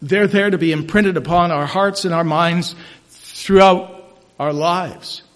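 A man preaching a sermon as pastor, emphatic and rising to loud declarations, in a church sanctuary. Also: sits high, slow pace. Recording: church hall reverb.

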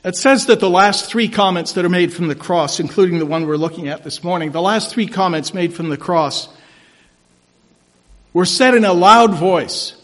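Man preaching, fairly high voice, big church reverb, gets loud and emphatic. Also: normal speed. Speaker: pastor. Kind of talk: sermon. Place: church sanctuary.

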